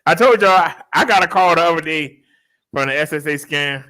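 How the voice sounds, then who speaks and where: A man telling a story to his followers in a casual, joking way, laughing often and switching into high mimicking voices. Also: fairly quick, pushed and bright. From Baltimore, US. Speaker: fitness vlogger telling a story.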